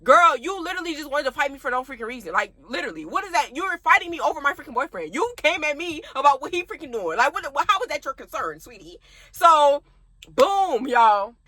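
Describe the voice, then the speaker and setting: Brisk and animated, a young woman with a high, bright, forceful voice tells her viewers a story in a dry recording. She's a chatty vlogger who laughs often and addresses her audience head-on.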